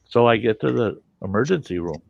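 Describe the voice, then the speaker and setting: A man casually telling a story in a profane, animated way and acting out the people in it. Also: mid-range voice, fairly quick, creaky, no room sound, muffled recording.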